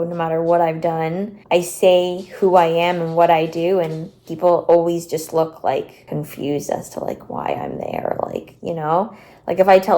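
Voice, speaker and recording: A woman's voice: fairly low pitch, mellow. A young woman vlogging casually to camera, chatty and full of "like", acting out other people's reactions as she tells stories. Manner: chatty, lots of "like", acts out quoted reactions. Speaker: bodybuilding competitor vlogger. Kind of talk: casual vlog talk to camera.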